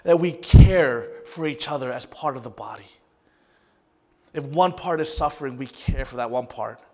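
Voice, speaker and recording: In a mid-range voice at normal speed, a pastor delivers a sermon with a long reverb tail behind him. His earnest, emotional preaching moves between soft, hushed stretches and loud, climbing peaks.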